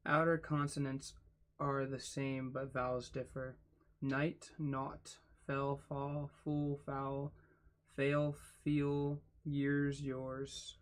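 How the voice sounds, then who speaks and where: A man reading a book aloud for his channel, spelling out words letter by letter and adding quiet asides. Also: mid-range voice. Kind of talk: casual read-aloud.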